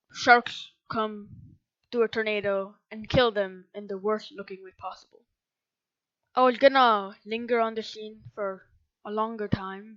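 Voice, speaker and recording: A woman with a fairly high voice rambles through a movie recap, sarcastic and correcting herself as she goes. The recording is dry and a bit dull and lo-fi. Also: bright, forceful tone, no room sound. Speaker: movie reviewer.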